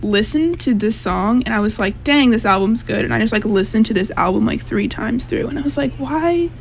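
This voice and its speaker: A woman's voice: a little high, brisk, gravelly, a little hiss or hum. Chatty young woman, lots of filler. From Texas, USA. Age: young adult. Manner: chatty, heavy on "like" fillers, self-mocking. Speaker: college radio co-host. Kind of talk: casual chat.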